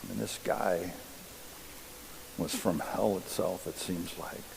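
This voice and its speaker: A man preaching a sermon in a church, reading scripture and explaining it deliberately. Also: deep voice, fairly even intonation, creaky, background noise. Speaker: pastor. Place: church sanctuary. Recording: long reverb of a church hall.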